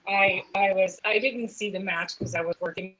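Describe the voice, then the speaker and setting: Female guest, husky soft voice, rueful. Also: medium pitch, steady tone, normal speed, poor audio. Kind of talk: casual chat.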